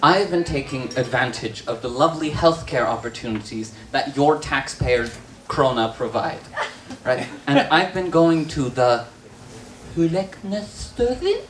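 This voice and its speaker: A trans woman performing a stand-up comedy set in a bar, telling stories with deadpan asides. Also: very deep voice, moderate pace, a little hiss or hum. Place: bar with live audience. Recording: roomy bar recording with crowd laughter.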